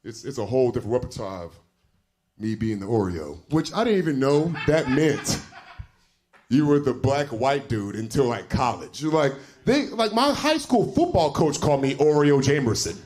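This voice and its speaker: A man hosting a live comedy show, bantering in an animated, profane way between acts. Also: medium pitch, normal speed. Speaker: host and comedian. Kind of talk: stand-up hosting.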